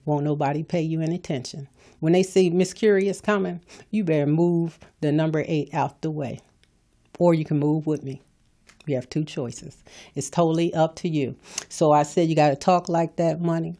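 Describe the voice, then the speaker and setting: Low-voiced preachy woman host. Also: steady tone, normal speed, dark tone. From California. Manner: preachy, emphatic, repeats phrases. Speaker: podcast host. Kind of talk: motivational talk.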